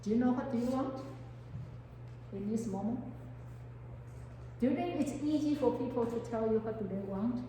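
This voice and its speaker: A woman with a fairly high voice gives a counseling lecture, often stopping to ask her class questions. Her English has non-native phrasing. She sounds a long way from the microphone, in a hall with strong reverberation. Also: animated, moderate pace, long pauses, dark tone, a little hiss or hum. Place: lecture room with students. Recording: echoey hall, mic far off.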